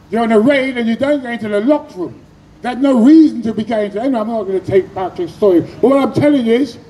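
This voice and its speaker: An impassioned man, addressing a street protest. His raised voice rides very high yet sounds dark and mellow. He leads the crowd in call-and-response chants. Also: a little hiss or hum, rough recording. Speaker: activist speaker. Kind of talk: protest rally speech.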